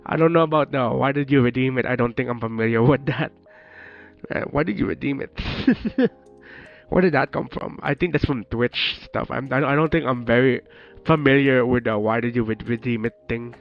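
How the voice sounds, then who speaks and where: A sick man from the Philippines chats to his stream in a middle-pitched voice, rambling from thought to thought, breaking into laughter and tossing in casual swears. The sound is dull and lo-fi, with faint music underneath. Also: normal speed. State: sick, voice changed. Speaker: VTuber streamer. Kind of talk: casual chat.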